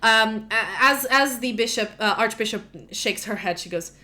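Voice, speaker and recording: A woman's voice: a little high, normal speed, pushed and bright. Casual woman running a tabletop game. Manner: casual, filler-heavy narration. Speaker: game master.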